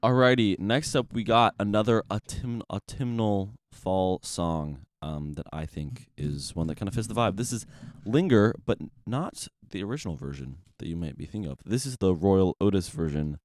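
A young man hosting a casual radio show from a studio, chatting in a relaxed, rambling way with lots of fillers. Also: low voice, moderate pace, few pauses, no room sound.

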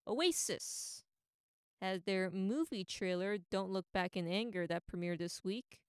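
A woman's voice: medium pitch, unhurried, smooth, no room sound, clean studio sound. A woman giving a casual, opinionated and rambling monologue as a pop culture commentator.

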